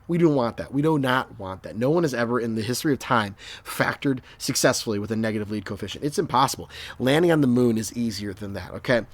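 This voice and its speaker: A young male math teacher working through review problems in a casual, joking way, recorded at home on a desk microphone. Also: mid-range voice. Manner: chatty, jokey, talks to students as he works.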